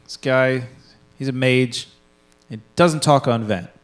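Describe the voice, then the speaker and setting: Speaking slowly in a medium-pitched voice, this young co-host in his twenties wanders through gaming anecdotes on a casual podcast. He curses freely and does voices for the people he's quoting.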